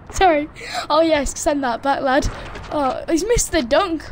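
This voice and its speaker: A woman giving excited, chatty commentary on her own basketball video game match, hosting her gaming channel from a room at home. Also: sits high, slow, slight background noise. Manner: excitable, chatty, cheers and groans at plays. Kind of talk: live gameplay commentary. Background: friends talking in the background.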